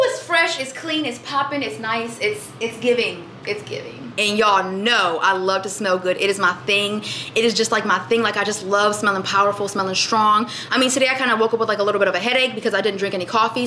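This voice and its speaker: A woman's voice: fairly high pitch, pushed and bright. A young woman vlogging in a chatty, exclaiming way, talking to her viewers as y'all. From Michigan, USA. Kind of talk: casual chat vlog. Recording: echoey room with faint background noise.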